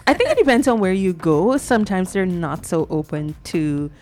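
A woman hosting a casual studio chat, upbeat and quick to laugh. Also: fairly low pitch, very animated, a little mellow, faint music behind. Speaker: host. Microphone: studio microphone.

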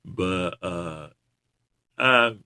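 Low-voiced man in animated chat. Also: drawn-out words, smooth. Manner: animated storyteller, laughs often. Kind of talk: casual chat about wrestling.

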